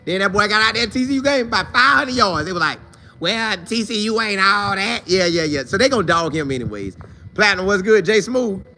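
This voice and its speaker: A man hosting a casual sports talk live stream, shouting out viewers by name in loose, slangy, animated talk. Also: high-pitched, fast talker, a little hiss or hum.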